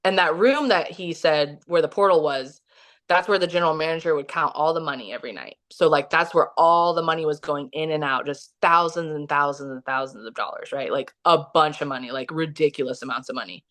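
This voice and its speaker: Woman rambling through a story, lower voice. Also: a little fast, fairly bright tone. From Kansas City, Missouri, US. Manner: rambling, heavy use of "like" and restarts. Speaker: podcast guest. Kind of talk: casual storytelling.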